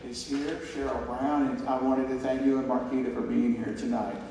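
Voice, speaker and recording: A man's voice: medium pitch, little pitch movement, moderate pace, heavy background noise. A man giving a heartfelt, rambling acceptance speech on stage, full of restarts and quoted conversations. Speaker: award honoree giving a speech. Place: large hall on stage. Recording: echoey hall recorded from far off.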